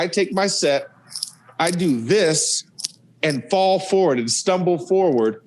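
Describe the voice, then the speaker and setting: A man's voice: fairly high pitch, poor audio. A man in his forties, a former college offensive lineman, telling stories casually and acting out scenes as he laughs. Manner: animated, laughing, acts out scenes. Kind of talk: casual podcast storytelling.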